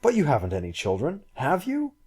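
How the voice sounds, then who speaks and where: A man's voice: mid-range voice, very animated, moderate pace, warm tone, breathy edge. A man reading a story aloud and voicing a polite, easily astonished young man.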